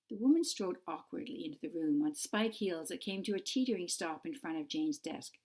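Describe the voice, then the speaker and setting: A woman author narrating her own fantasy novel in a clear, measured storytelling manner. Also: low voice, darkish tone. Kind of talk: audiobook narration.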